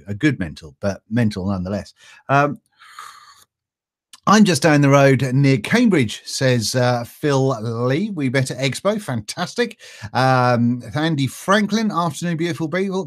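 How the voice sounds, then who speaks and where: A man hosting a casual live stream, reading out viewer greetings in a chatty, self-mocking way and stumbling over names. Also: mid-range voice. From East Anglia. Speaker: vaping channel host.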